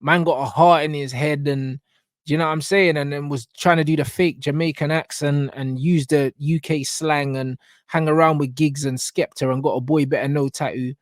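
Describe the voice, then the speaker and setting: A man breaks down rap lyrics in a heated, animated rant, dropping a low "bro" after nearly every phrase. His voice sits a little high, and the sound is dry and close, with no room around it. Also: normal speed, no echo. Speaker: reaction channel host. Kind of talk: rap reaction commentary.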